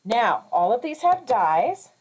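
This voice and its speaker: A woman's voice: a little high, big pitch swings, takes it slowly, breathy edge. A woman teaching a craft lesson step by step, chatty, often checking in with "okay?" and correcting herself as she goes. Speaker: crafting instructor.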